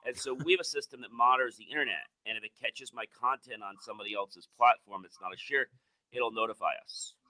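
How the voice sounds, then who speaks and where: A man hosting a podcast, talking casually and telling animated stories, mimicking other people's voices. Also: mid-range voice, fast talker, low-quality recording. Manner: animated storyteller, acts out quoted voices. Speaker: podcast host.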